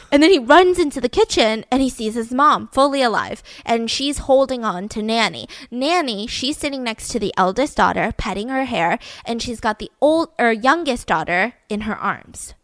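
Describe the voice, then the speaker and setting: A woman hosting a podcast, telling a true-crime story in a casual, animated way with lots of "like". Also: a little high, normal speed, hardly any pauses, no room sound. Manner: chatty, animated, peppered with "like". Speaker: podcast host.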